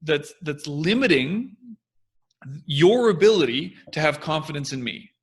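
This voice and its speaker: A young man co-hosting a casual talk, explaining ideas in an animated way and acting out confident and hesitant voices. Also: a little high, measured pace, slightly rough. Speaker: podcast co-host. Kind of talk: casual discussion.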